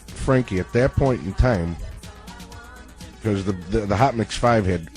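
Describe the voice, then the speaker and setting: A male interviewer with a low voice prompts his guests with short questions and keeps the story moving. Faint music runs in the background. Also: a little slow, darkish tone. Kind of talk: casual interview.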